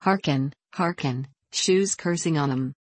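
A woman reading an audiobook and voicing a cantankerous old male farm servant who shouts in thick rustic dialect. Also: sits low, unhurried, no room sound. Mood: agitated.

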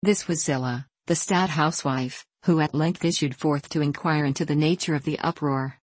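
A woman reading classic fiction aloud as an audiobook narrator, measured and expressive. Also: deep voice, slightly rough, no room sound. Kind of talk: scripted narration.

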